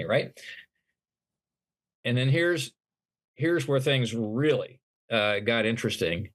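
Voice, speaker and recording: A man's voice: medium pitch, lively intonation, unhurried. A middle-aged man, a podcast guest, earnestly telling his personal story in an interview, often restarting his sentences. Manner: earnest, retelling events with acted-out dialogue and frequent restarts. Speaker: podcast guest, motivational speaker.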